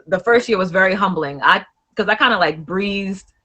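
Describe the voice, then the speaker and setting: A woman's voice: medium pitch, bright, forceful tone. A woman in her twenties, a guest on a casual talk show, chatting in a playful, easygoing way. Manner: playful, easygoing, quick to laugh along. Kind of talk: casual interview chat.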